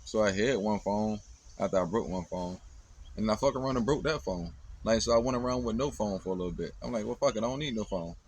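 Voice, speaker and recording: Speaking briskly in a fairly low voice, this podcast host, a man in his thirties, rambles through a casual monologue. His talk is blunt and full of swearing.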